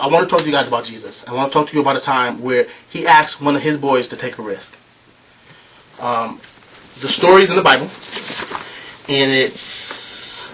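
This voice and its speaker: A young man giving a youth club talk, telling a story in an animated, chatty way with lots of fillers. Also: medium pitch, slight background noise. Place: club meeting room with a group of youth. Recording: voice from a distance.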